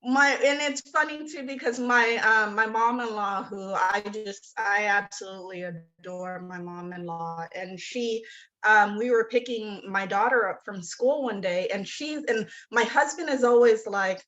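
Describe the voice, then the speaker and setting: Animated storytelling woman, muffled audio. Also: medium pitch, a little slow. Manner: animated storyteller, acts out quoted voices. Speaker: author guest. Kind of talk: casual storytelling interview.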